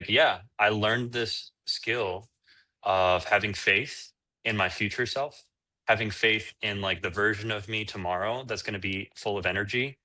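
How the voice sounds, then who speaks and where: A man's voice: lowish voice, measured pace, pushed and bright. A man, an entrepreneur, answering interview questions in a candid, rambling casual chat. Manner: candid, rambling with fillers and restarts. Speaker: entrepreneur guest.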